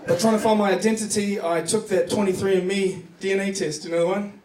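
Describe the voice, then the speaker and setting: A man doing a stand-up set on a comedy club stage, delivering his jokes deadpan into a handheld mic while the audience laughs. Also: sits high, fast, recorded from a distance, a faint crowd. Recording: echoey club recorded from afar.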